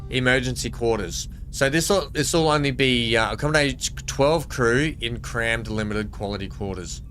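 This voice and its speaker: A man's voice: mid-range voice, normal speed, a bit bright, soft background music. An Australian man streaming a game live, chatting with viewers and reading the on-screen text aloud. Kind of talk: casual live gameplay commentary.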